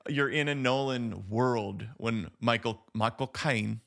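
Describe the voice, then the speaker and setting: Male podcast co-host, bright voice, casual rambling chat with many restarts. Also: mid-range voice, slow, creaky. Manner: rambling, lots of "like" and restarts, laughs often. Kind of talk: casual chat about a film.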